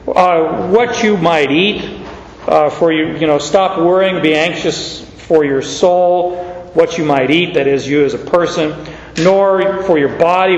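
A pastor giving a conversational sermon, folksy, with homey asides and frequent restarts. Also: male voice, a little high, creaky, a little hiss or hum. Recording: echoey hall, slightly dull sound.

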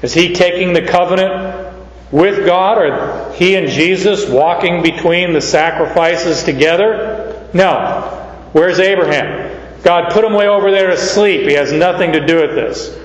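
A man from Canada teaching a verse-by-verse Bible sermon as a pastor, slow and emphatic, asking rhetorical questions. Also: sits high. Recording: echoey hall, dull lo-fi sound.

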